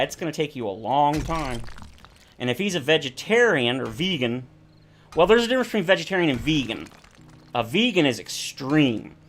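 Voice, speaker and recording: A man's voice: fairly high pitch, slight background noise. A man streaming a survival game, chatting casually in rambling, self-correcting tangents. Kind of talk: casual chat while playing a survival game.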